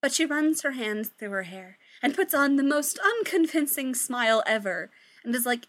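Chatty woman reading a story, bright voice. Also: fairly high pitch, expressive, normal speed. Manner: chatty, swears, breaks off for joking asides. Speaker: story reader. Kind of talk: reading fan fiction aloud.

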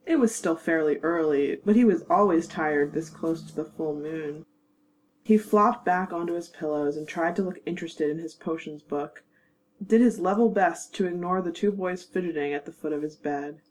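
A woman narrating a fanfiction audiobook in a measured, wry storytelling manner. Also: lowish voice, darkish tone, a little hiss or hum, low-quality recording. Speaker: narrator and producer.

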